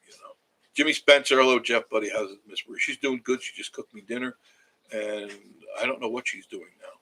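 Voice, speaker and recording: A man's voice: lowish voice, normal speed, bright, forceful tone, husky, rough recording. A man, chatting casually on a livestream from his cabin and reading viewer comments aloud in a rambling way. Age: 70s. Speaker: livestream host. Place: home cabin.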